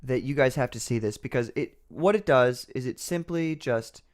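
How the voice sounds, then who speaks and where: A man's voice: medium pitch, moderate pace. A man hosting a casual livestream, rambling and sarcastic, often breaking into laughter. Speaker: livestream host.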